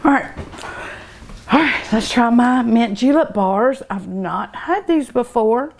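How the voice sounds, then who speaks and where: A woman's voice: fairly high pitch, lively intonation, a little hiss or hum. A middle-aged woman with a drawl savors food on her cooking show, taking her time and lingering over every word. She gushes openly and hums with pleasure between bites. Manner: savoring and gushing, with many drawn-out hums of delight.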